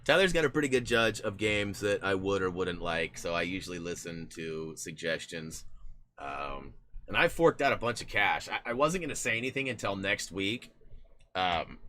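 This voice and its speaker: A man streaming live, chatting casually with viewers in a rambling, animated way with lots of restarts. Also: deep voice.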